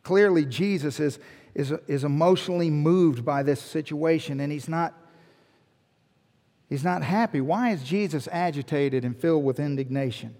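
A man's voice: a little high, moderate pace, a little mellow, in a large hall. A male pastor preaching a sermon in a conversational teaching manner, asking rhetorical questions and restarting phrases. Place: church sanctuary.

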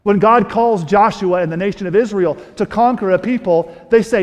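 High-voiced man preaching in a reverberant hall. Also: moderate pace, few pauses. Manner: animated, rhetorical questions, frequent restarts. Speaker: pastor. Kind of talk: sermon. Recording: long reverb of a large hall.

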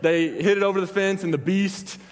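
A man's voice: high-pitched, steady tone, moderate pace. A man giving a sermon to a live audience, rambling through personal stories and stopping often to restart and joke. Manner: rambling, self-interrupting, joking with the crowd. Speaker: preacher. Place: church hall with an audience. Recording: long hall reverb.

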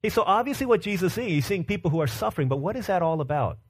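A man's voice: sits high, animated, racing, slightly rough. Male pastor, 30s, conversational sermon delivery with rhetorical questions, tenor-leaning voice. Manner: conversational preaching with rhetorical questions and family stories.

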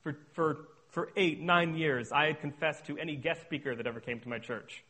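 A young man giving an earnest sermon-style testimony, moving between hushed and emphatic delivery. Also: a little high, normal speed, slightly rough. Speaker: speaker on addiction recovery.

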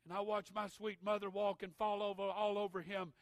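A middle-aged man preaching a sermon, swinging from shouted preaching to hushed intensity, with a gravelly voice. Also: sits high, little pitch movement, a little fast, dry recording. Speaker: pastor.

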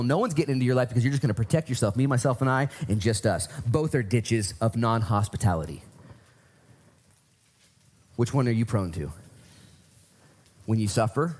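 A man's voice: medium pitch, darkish tone. A man preaching a conversational sermon, emphatic, swinging up and down for stress. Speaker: pastor.

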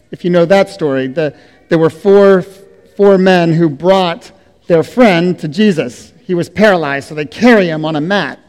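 A middle-aged man preaching a sermon as a pastor, speaking slowly and deliberately, letting his phrases trail off softly. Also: fairly high pitch. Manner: slow, deliberate preaching with soft trailing endings. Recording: long reverb of a hall.

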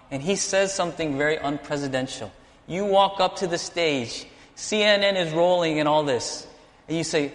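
A man preaching a sermon, animated, acting out the lines of the people in his story. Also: medium pitch, big-room sound. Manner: animated preaching, acts out dialogue. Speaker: pastor.

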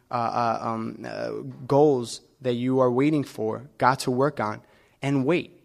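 A man delivering a conversational sermon as a preacher, relaxed and personal, pausing often with fillers and restarting his sentences. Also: mid-range voice. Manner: relaxed and personal, with many filler pauses and self-corrections.

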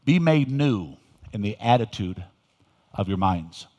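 An older man, a pastor, preaching a sermon with folksy storytelling that swings into loud emphasis. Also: fairly low pitch, lively intonation, a little slow, lo-fi sound. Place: church sanctuary. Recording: reverberant hall.

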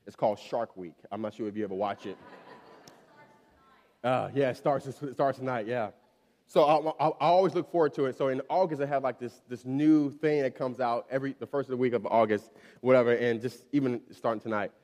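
A man in his thirties preaching a sermon, telling a story with many restarts and repeated words, then building in pitch and volume as he preaches. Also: a little fast, a little mellow. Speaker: pastor. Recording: long reverb of a large hall.

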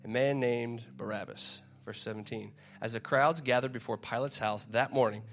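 A man's voice: medium pitch, steady tone, moderate pace. A man preaching in a casual, conversational way, reading scripture aloud and often repeating his words as he goes. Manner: conversational, repeats words, acts out crowd shouts.

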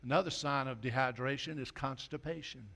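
A man preaching a sermon in a folksy way, dropping his voice low and soft for quoted lines. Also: fairly even intonation, brisk, gravelly. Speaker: pastor.

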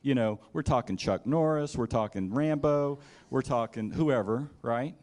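A man's voice: mid-range voice, unhurried. A man preaching a sermon in a conversational way. He acts out scenes in the first person as he tells them and adds asides like "right?". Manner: animated storytelling, acting out scenes in the first person.

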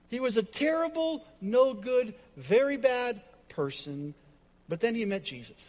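A man's voice: extremely high pitch, lively intonation, measured pace, big-room sound. A man preaching a sermon as pastor, dramatic and emphatic with repetition, in a church.

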